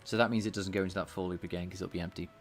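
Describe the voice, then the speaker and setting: A man with a slightly nasal voice, thinking out loud as he codes live and talks to his chat. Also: low voice, steady tone, very fast, soft background music. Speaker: game developer streaming his coding. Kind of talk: casual live-coding chat.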